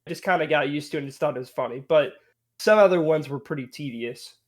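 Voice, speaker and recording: A man's voice: a little high, quick pace. A young man co-hosting a casual game review podcast, chatty and rambling, laughing often. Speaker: podcast co-host.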